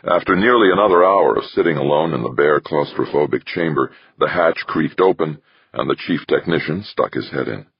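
A man reading a science-fiction novel aloud in steady, measured scripted narration. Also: extremely low pitch, vocal fry, breathy edge, dry recording, highs cut off. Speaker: audiobook narrator.

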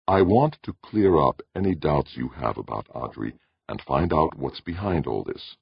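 A calm, measured male diplomat, voiced by a man, dry in tone and deep, with a husky grain. The sound is dull and dry. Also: dry recording, full character voice.

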